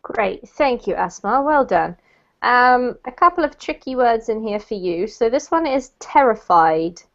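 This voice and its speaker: A woman's voice: on the high side, expressive, measured pace, a bit bright, muffled recording. A woman teaching an online English class, explaining words patiently and correcting pronunciation.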